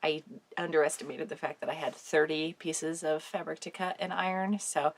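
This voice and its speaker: A woman with a somewhat low voice chats her way through a sewing project at home. She has a cold and a sore throat, and her talk is casual and wry, with easy swearing. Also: fairly even intonation, moderate pace, vocal fry. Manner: chatty, swears casually, dry jokes. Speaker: sewing vlogger. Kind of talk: casual craft vlog chat.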